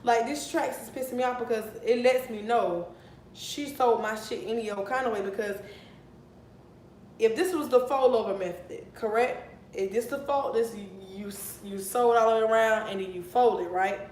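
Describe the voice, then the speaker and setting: A young woman in her twenties tells a wild storytime to her camera, getting animated and outraged and swearing freely. Her voice bounces around a roomy, echoey space with a faint hiss underneath. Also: a little high, normal speed. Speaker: vlogger. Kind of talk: casual storytime. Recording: echoey room with faint noise.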